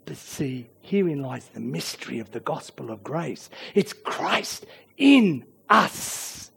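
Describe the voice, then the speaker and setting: A man preaching an earnest sermon, swinging between emphatic declarations and hushed, almost whispered lines. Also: on the high side, sing-song, slow pace, creaky, slightly rough.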